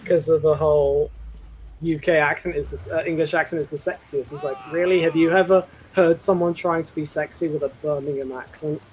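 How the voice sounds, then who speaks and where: A man's voice: fairly high pitch, steady tone, brisk, slightly rough. A man chatting over a voice call on a gaming stream, rambling and easily sidetracked. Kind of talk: casual gaming stream chat.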